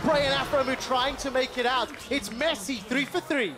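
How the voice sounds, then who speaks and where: A man's voice: extremely high pitch, normal speed, over a noisy crowd, very noisy. A man calling the play-by-play of an esports match, rising with the action. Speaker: esports caster. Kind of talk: play-by-play commentary. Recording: music bed behind.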